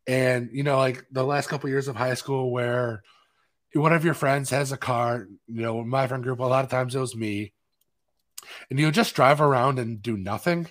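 A man co-hosting a film podcast, talking in a loose, rambling way and pausing often for fillers. His voice sits in a middle range, neither high nor low. He sounds relaxed and conversational. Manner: rambling, chatty, with many fillers. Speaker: podcast co-host. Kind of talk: casual chat.

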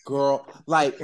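A man co-hosting a casual podcast, gushing and swearing, repeating himself in excitement. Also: mid-range voice, smooth. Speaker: podcast co-host.

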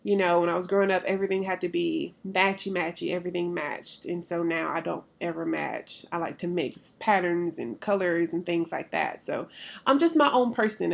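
A woman's voice: on the low side, gravelly. A woman in her thirties with a Southern Alabama accent, hosting her podcast in a chatty, candid way as a pastor and therapist. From Alabama, US Southern states. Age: 30s. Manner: chatty and candid, with frequent fillers and laughter. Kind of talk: casual podcast monologue.

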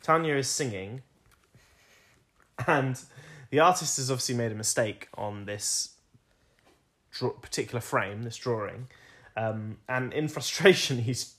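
A man's voice: mid-range voice, measured pace, long pauses, pushed and bright. A young man co-hosting a podcast, chatting casually, explaining at length and laughing often. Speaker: podcast co-host.

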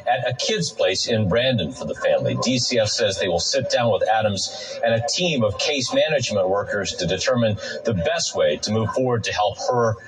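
A man reporting a local television news story in a measured broadcast delivery. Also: fairly low pitch, animated, husky, low-quality recording.

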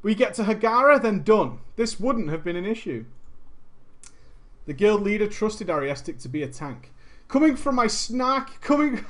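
A woman casually reading a gaming story aloud, adding sarcastic asides and laughing often. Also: mid-range voice. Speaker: story reader and commentator.

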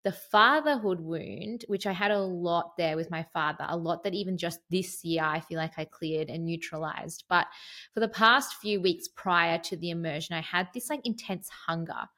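A young woman with a lowish voice chats candidly as a podcast co-host. She talks freely and openly, and drifts off on tangents. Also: normal speed, sharp tone. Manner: chatty, candid, tangent-prone. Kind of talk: casual chat.

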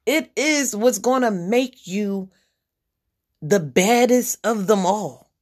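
A woman's voice: medium pitch, lively intonation, takes it slowly, a little mellow. A woman hosting a podcast, giving a general spiritual reading as a blunt, profane pep talk that repeats its key lines.

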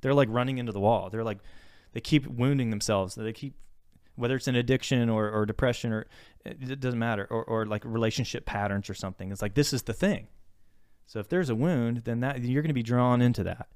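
Reflective man with a smooth voice. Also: mid-range voice, fairly quick, darkish tone, dry recording, studio quality. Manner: reflective and searching, circling back with restarts. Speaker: therapist and podcast co-host. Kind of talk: casual podcast conversation.

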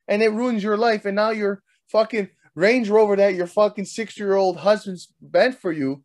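A man's voice: sits high, fairly even intonation, moderate pace, hardly any pauses, darkish tone. Young man in a profane comic rant. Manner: crude, swearing, heated. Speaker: host.

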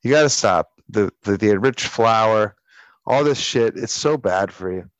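A man's voice: on the low side, expressive, a little slow, no echo. A man co-hosting a radio show, telling stories in casual banter with a crude, profane, sardonic manner. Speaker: radio co-host.

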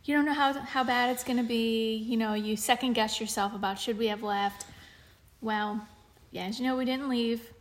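Woman cohosting a podcast, chatty, lots of ums, voice on the higher side. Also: steady tone, normal speed. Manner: chatty storytelling with fillers and restarts. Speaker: podcast co-host. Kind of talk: casual chat.

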